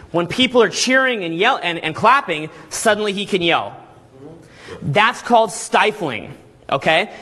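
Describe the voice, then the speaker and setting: A man leads a live seminar, teaching the room with lively energy and throwing questions at his audience. His voice sits high and rings sharp and bright. He talks like a coach working a crowd. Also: a little hiss or hum.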